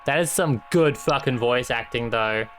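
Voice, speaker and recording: A man streaming a game, swearing casually, reading aloud and thinking out loud. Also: medium pitch, moderate pace. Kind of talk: casual let's-play commentary. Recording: game music playing behind.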